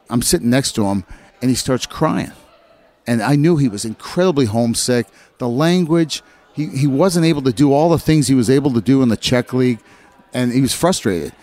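A middle-aged man, a former hockey player, telling locker-room stories in casual chat and acting out the voices he quotes. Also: medium pitch. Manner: animated storyteller, acts out quoted voices.

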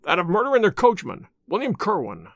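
A man reading the part of a sharp, cool male detective with a curt, commanding manner. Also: high voice, wildly swooping pitch, a little fast, no room sound, clean studio sound, exaggerated voice. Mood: urgent.

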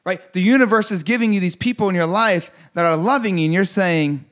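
A man's voice: high voice, fairly quick, hardly any pauses. A man giving an intense motivational speech, repeating phrases and swearing for emphasis. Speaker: motivational speaker.

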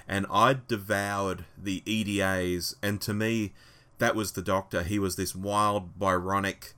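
A man co-hosting a fan podcast, chatting casually and animatedly, laughing and acting out quotes. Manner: animated, laughs often, acts out quotes in a higher voice. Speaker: podcast co-host.

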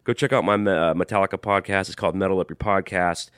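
A man's voice: sits low, steady tone, fast, clear, resonant tone, no room sound, studio quality. A man co-hosting a podcast, chatting casually and laughing easily. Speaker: podcast co-host. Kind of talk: casual chat.

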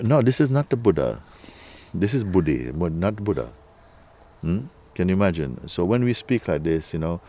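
A man with a low voice leads a spiritual talk for a gathering. His tone is dark and mellow. He speaks slowly and coaxingly, with soft chuckles and frequent checks of "you see?". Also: lively intonation. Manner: unhurried, coaxing, often asks "you see?". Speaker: spiritual teacher.

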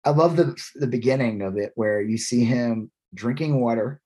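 Male co-host, casual and rambling, mid-pitched voice, laughs easily. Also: moderate pace, mellow. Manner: rambling, lots of fillers and laughs. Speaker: podcast co-host. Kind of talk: casual chat.

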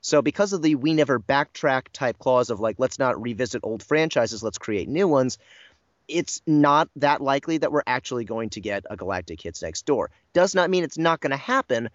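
A man's voice: mid-range voice, expressive, normal speed, no echo, lo-fi sound. Self-deprecating man rambling in an interview. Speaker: voice actor guest. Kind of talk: casual interview chat.

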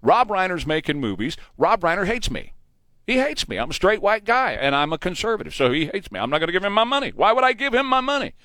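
A man's voice: high voice, big pitch swings, fast, bright, forceful tone, no echo. A man hosting a morning talk radio show, blunt and opinionated, speaking into a studio microphone. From Texas.

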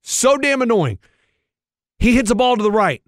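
A man's voice: very high-pitched, big pitch swings, normal speed, dry recording, clean studio sound. A man, podcast co-host, telling a story in a worked-up, ranting, profane way. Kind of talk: casual chat, storytelling.

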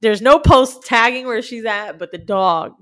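A woman co-hosting a casual chat podcast, telling profane stories with animated impressions. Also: fairly high pitch, unhurried. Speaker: podcast co-host. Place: home recording during quarantine.

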